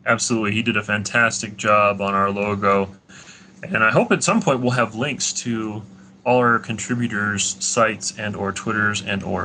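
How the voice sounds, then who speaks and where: A man's voice: mid-range voice, bright, forceful tone, a little hiss or hum. A man co-hosting a podcast in casual chat, upbeat as he plugs the show. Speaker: podcast co-host.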